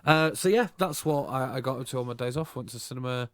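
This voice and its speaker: A fast-talking man with a medium-pitched, slightly bright voice co-hosts a casual podcast, recorded in studio quality with no room sound. He rambles easily and corrects himself along the way.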